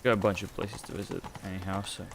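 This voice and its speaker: A man's voice: low voice, steady tone, fast talker, gravelly, background noise. A man streaming a video game, talking in a rambling, offhand way with some swearing. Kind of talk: casual gameplay commentary. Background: game music.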